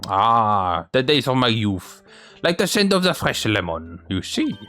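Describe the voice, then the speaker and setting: A man's voice: medium pitch, very animated, a little slow, sharp tone, faint music behind. A man voicing a pompous, chuckling old lawyer in a game.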